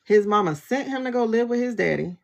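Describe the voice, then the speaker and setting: Sassy, gravelly woman ranting on a livestream. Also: fairly high pitch, fairly quick. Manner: animated, laughing, sassy and blunt. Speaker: tarot reader and livestream host. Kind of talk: casual livestream rant. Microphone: phone livestream.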